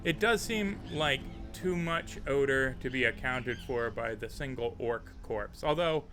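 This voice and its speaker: A man narrating a tabletop game as game master, relaxed and chatty with frequent fillers. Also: medium pitch, unhurried, over music.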